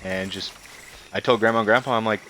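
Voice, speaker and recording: The speaker is a young man with a lowish voice who talks quickly in a steady but sharp tone. He vents a heated, profane story while streaming a game, leaning on fillers like "like" and "I'm like," and the stream audio is noisy.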